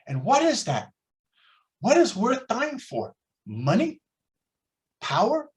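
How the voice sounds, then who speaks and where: An older American man from the United States teaches a Torah class lecture online over a video call, telling lively stories and acting out the voices of the people in them. His voice is high-pitched, and he speaks slowly with frequent pauses.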